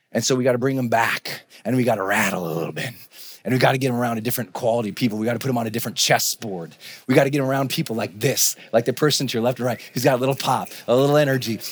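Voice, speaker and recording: A middle-aged man giving a live motivational talk on stage, energetic, with shouted bursts and laughing asides. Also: high voice. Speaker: motivational speaker. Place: large event stage before a crowd.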